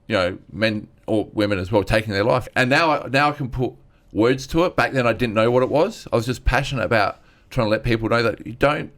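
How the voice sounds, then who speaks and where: A stand-up comedian appears as an interview guest, telling personal stories earnestly and at rambling length while acting out other people's lines in a candid chat. His mid-range, slightly bright voice moves briskly with few pauses.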